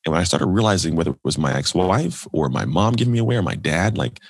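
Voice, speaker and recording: A podcast guest with a low, slightly husky voice tells a personal story fast and animatedly, in the manner of a casual interview. He's expressive, taking on other people's voices when quoting them, and the recording is close and dry with no room sound.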